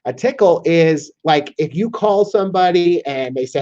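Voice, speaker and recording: Casual Southern man demoing software. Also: fairly high pitch, animated, moderate pace, few pauses. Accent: American Southern. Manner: casual, repeats "okay?" to check in. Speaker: software demo presenter. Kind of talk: screen-share tutorial walkthrough. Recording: slightly dull lo-fi audio.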